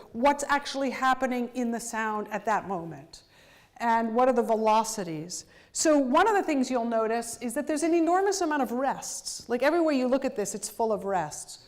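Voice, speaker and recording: A woman with a somewhat high voice gives a university lecture on composing. She explains in an animated, precise way, breaking into sung nonsense syllables to show how a passage should move. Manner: sings rhythms out in syllables to illustrate music; animated, detail-focused explanation.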